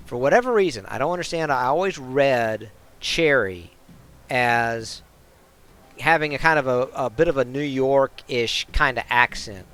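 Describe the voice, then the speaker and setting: A man's voice: medium pitch, expressive, a little slow, a bit bright, smooth. A man streaming a role-playing game, chatting casually and poking fun at himself. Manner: casual, self-deprecating. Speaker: gamer streamer. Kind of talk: let's play commentary and reading aloud.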